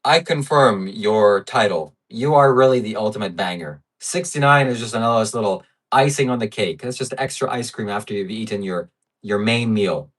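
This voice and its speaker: A man's voice: on the low side, normal speed, a bit bright, far from the mic. A man hosting a livestream, reading viewer donations in blunt, brash, profane casual chat. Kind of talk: casual live-stream chat.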